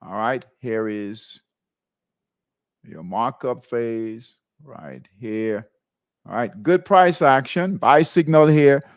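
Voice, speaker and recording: A man's voice: mid-range voice, animated, slow pace, no echo. A man hosting a live trading show, talking viewers through charts and checking in with "right?" and "okay?". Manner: repeats tags like "right?" and "okay?" while pointing at charts.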